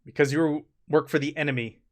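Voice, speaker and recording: A man's voice: a little high, fairly even intonation, a little fast, darkish tone, slight background noise. A young man narrating a tabletop game as game master, laughing often as he describes scenes.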